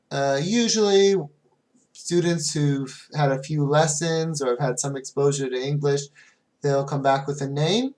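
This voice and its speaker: A man who teaches English online, giving casual advice to fellow teachers, with fillers, and slowing right down whenever he models a phrase. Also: on the high side, darkish tone.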